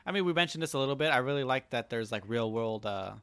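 A man's voice: mid-range voice, animated, quick pace, fairly bright tone, smooth, dry recording. A man co-hosting a casual anime review chat, rambling with many fillers and laughing easily. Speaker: podcast co-host.

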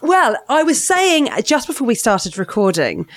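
A woman's voice: fairly high pitch, very animated, moderate pace, no room sound. Chatty woman podcast host. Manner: chatty, playful, self-deprecating. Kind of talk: casual podcast chat and results roundup.

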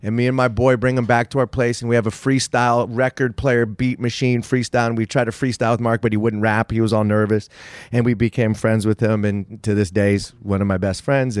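A man's voice: mid-range voice, no echo, studio quality. Profane rambling storyteller man in his 50s. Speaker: guest. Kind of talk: casual storytelling interview.

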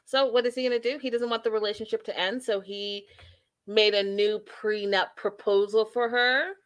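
A woman hosts a reality TV recap podcast with a lively, opinionated delivery. She talks casually at a middle pitch and slips into quick impressions of the people she's discussing. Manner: animated, opinionated, acts out quotes. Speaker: podcast host reviewing reality TV.

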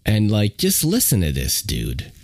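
A man's voice: fairly low pitch, wildly swooping pitch, unhurried, a little mellow, no room sound. A man hosting a podcast in casual, rambling chat, often laughing and using many fillers. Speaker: podcast host.

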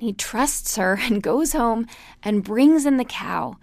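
Chatty woman with a gravelly edge. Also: fairly high pitch, takes it slowly, no room sound. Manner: chatty, storytelling, laughs often. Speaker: class instructor. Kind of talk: casual spoken lecture.

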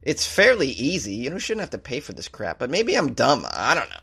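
A man's voice: medium pitch, wildly swooping pitch, a little fast, gravelly, pushed and bright, slightly rough. A man from Massachusetts hosting a comedy show, riffing sarcastically on strange news stories and laughing at his own jokes.

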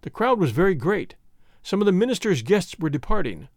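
A man reading a classic novel aloud as an audiobook narrator, with expressive storytelling. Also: high-pitched, fairly quick, no echo, studio quality.

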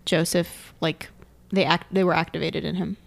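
A woman's voice: on the low side, fairly even intonation, moderate pace, gravelly. A woman co-hosting a casual podcast, talking hesitantly, trailing off and giggling. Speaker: podcast co-host. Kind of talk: casual chat.

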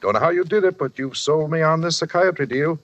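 A man's voice: a little high, brisk, a bit bright, natural voice. An actor playing a boastful, self-justifying former railroad brakeman who is a psychiatrist's patient, in a 1940s radio drama. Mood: jovial. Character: shifty middle-aged man, a former railroad brakeman. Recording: dull old radio recording.

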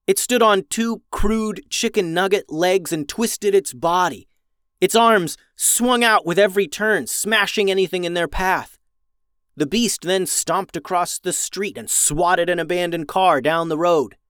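A man reading a children's adventure story aloud, with lively voices for the characters. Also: high-pitched, clear, resonant tone, dry recording, studio quality. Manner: animated, raises voice for characters' lines.

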